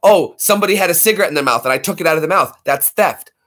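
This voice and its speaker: A man hosting a casual video chat, rambling through excited stories and adding his own sound effects. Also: on the high side, racing. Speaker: channel host.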